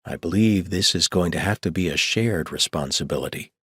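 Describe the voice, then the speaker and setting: A man's voice: low-pitched, brisk, a bit bright, husky, dry recording, studio quality. A man voicing a good-humored grown man who jokes with mock seriousness, in an audiobook reading. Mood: wry.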